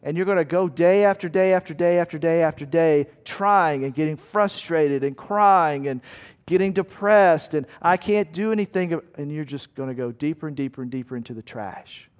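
A man's voice: on the high side, normal speed. A male pastor preaching a sermon in an earnest, emphatic way, often asking rhetorical questions. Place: church meeting room.

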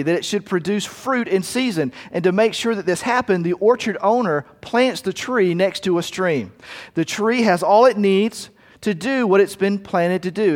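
Man preaching in a reverberant hall. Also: high voice. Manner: conversational, acts out murmuring and everyday asides. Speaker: pastor. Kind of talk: sermon.

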